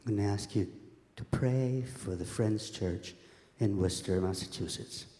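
A man's voice: fairly low pitch, moderate pace, mellow. A man interpreting a pastor's words phrase by phrase. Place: large church sanctuary. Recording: echoey church hall.

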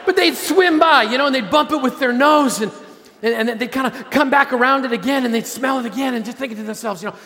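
High-voiced preacher in a reverberant hall. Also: male voice, quick pace, background noise. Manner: earnest, repeats and restarts, drops to a low hush for emphasis. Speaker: pastor. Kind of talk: sermon.

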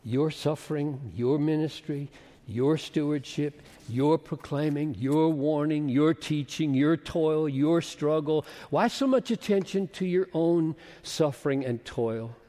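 A man in his seventies preaching a sermon as a pastor, slow and emphatic, rising to loud bursts. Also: on the high side, animated. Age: 70s. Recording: long reverb of a large hall.

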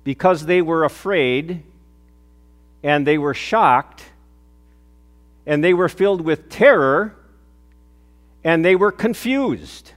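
An older man preaching in a church, his voice a touch higher than most men's. He tells stories earnestly, swelling with emphasis and then falling quiet on key phrases. A long reverb trails each line through the hall. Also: lively intonation, slow, long pauses. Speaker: pastor. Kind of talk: sermon.

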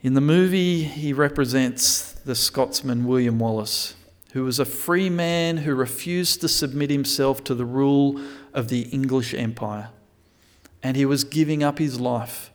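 A man's voice: medium pitch, measured pace. A man preaching a sermon, reading scripture aloud and explaining it with frequent restarts and self-corrections. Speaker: pastor.

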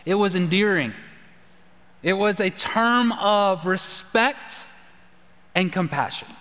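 A man, preaching a conversational sermon as a pastor, sometimes sinking to a hushed, intense delivery. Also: high voice, lively intonation, slow. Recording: long hall reverb.

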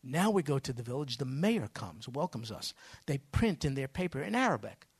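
An American pastor preaches a sermon from the pulpit, telling stories with folksy phrasing and sudden bursts of emphasis. His husky, mid-range voice moves at a moderate pace with big pitch swings.

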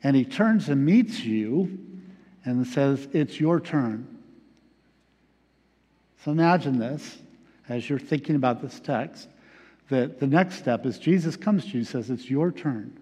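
Pastor preaching in a reverberant hall. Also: male voice, medium pitch, lively intonation, warm tone, breathy edge. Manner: reflective, halting with many fillers. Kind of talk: sermon. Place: church sanctuary. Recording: long reverb of a large hall.

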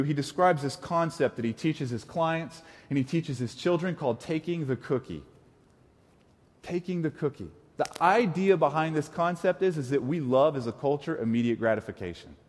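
A young adult man preaching a sermon, animated, with playful asides and mimicked voices. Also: on the high side. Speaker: pastor. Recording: long hall reverb.

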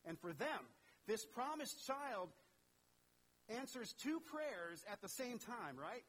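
A pastor preaches in a conversational way, putting questions to the audience and acting out voices for the characters in the story. His voice is extremely high and sing-song, slow and fairly bright. The audio quality is poor.

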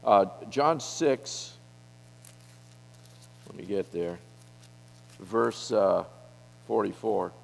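A middle-aged man preaching a sermon to a men's gathering, speaking boldly and emphatically, with his loudness rising and falling widely. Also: lowish voice, lively intonation, extremely slow, creaky, long pauses, slight background noise. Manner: bold, emphatic preaching with wide swings in loudness. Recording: long reverb of a hall.

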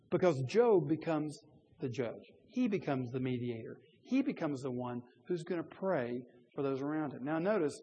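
Husky-voiced man preaching a sermon. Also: a little mellow. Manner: earnest, rising to emphatic appeals then dropping low.

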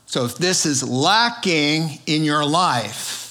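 A man's voice: fairly high pitch, expressive, slow, bright, forceful tone. A male pastor preaching a sermon in a conversational way, with emphatic rises on key words and frequent fillers.

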